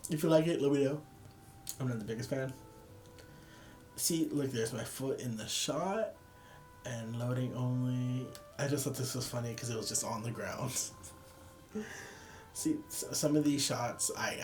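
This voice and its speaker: A tired young man casually rambling and joking as he walks through his photos. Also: mid-range voice. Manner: rambling, self-deprecating, laughs at own jokes. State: tired, yawning. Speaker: photography vlogger. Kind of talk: casual chat.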